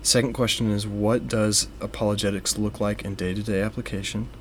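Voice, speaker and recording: A young man with a fairly low voice co-hosts a casual faith podcast. He explains things slowly and carefully and leans on frequent ums. A faint hiss sits behind the voice. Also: little pitch movement. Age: young adult. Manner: measured, with many fillers. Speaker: podcast co-host.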